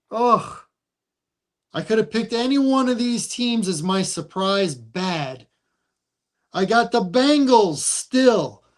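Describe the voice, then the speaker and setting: A man hosting a casual football picks show, reading out lines and odds deliberately. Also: sits high. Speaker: show host. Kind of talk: casual sports picks chat.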